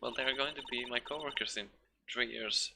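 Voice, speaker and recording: A man's voice: medium pitch, a little fast, gravelly, noisy background. A man streaming a game, reading the lines aloud with casual, chuckling commentary, and game music behind. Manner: casual, chuckling, self-interrupting.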